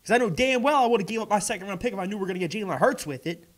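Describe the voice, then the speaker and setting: Exasperated ranting young man, pitch climbing. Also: lively intonation, very fast. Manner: exasperated, swears, gets louder and higher as he rants. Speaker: vlogger. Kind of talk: casual reaction rant.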